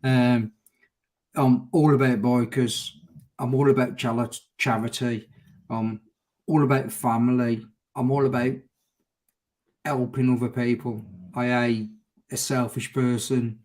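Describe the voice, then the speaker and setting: His delivery is flat and slow, with frequent pauses, in a mid-range, slightly mellow voice. He's a middle-aged motorcycle vlogger from around Birmingham, England, guesting on a casual stream, chatting openly, restarting his words and saying mate.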